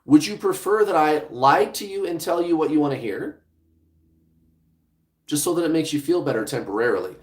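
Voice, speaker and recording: A man's voice: fairly high pitch, lively intonation, normal speed, long pauses. Blunt man coaching viewers in an echoey room. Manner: blunt, profane, talks straight to viewers. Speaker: twin flame coach hosting a livestream. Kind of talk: casual livestream talk.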